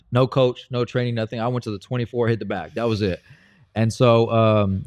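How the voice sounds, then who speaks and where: A man's voice: fairly low pitch, darkish tone. Laid-back man telling fight stories. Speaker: guest fighter. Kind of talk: casual interview chat.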